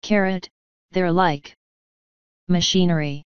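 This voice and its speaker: A brisk, practical young watchwoman, read by a woman. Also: on the low side, steady tone, clear, resonant tone, no room sound, highs cut off. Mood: pragmatic.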